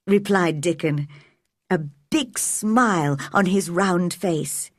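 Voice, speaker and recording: Woman narrator for a learners' audiobook, lively pitch, breathy, dry close sound. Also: no room sound. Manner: clear, measured, expressive character voices. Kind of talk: graded-reader audiobook narration for English learners.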